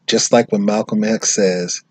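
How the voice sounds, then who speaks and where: Very husky low-voiced American man. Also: fairly even intonation, measured pace, dry recording. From United States. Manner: emphatic, repeats and restarts phrases. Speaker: speaker on social issues. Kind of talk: unscripted spoken commentary.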